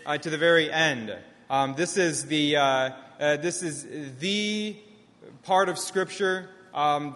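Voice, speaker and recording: A young man, a pastor, preaching a sermon in a church, halting often with restarts and fillers. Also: on the high side, sharp tone, in a large hall. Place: church sanctuary.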